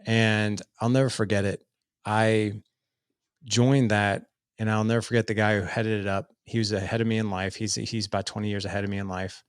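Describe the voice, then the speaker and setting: A man's voice: on the low side, flat delivery, brisk, clean tone, no room sound, studio quality. A middle-aged man telling his story as a podcast guest, earnest and loose, with lots of "like" fillers. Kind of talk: casual storytelling in an interview.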